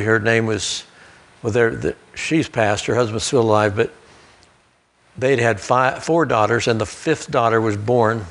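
With a mid-range, fairly bright voice touched by vocal fry, a male pastor tells personal stories from the pulpit of a church sanctuary. His storytelling sermon is full of folksy asides and the occasional restart.

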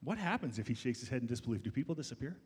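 A man's voice: mid-range voice, sing-song, rapid-fire, a little mellow, slightly rough, in a large hall. A male pastor preaching a sermon in a church, emphatic and rhetorical, stretching out the words he stresses. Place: church sanctuary.

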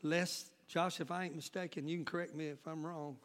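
A man preaching a sermon as pastor, calling out to the congregation and building up to shouts. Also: fairly high pitch, fairly even intonation, brisk.

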